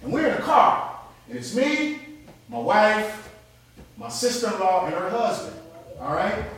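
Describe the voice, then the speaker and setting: A man with a very high, lively voice preaches to a congregation, moving from storytelling into shouted preaching. He is heard from a distance in a big, echoing hall. The crowd answers him clearly behind his voice. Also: a little slow. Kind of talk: sermon. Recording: echoey hall, mic from a distance, congregation audible.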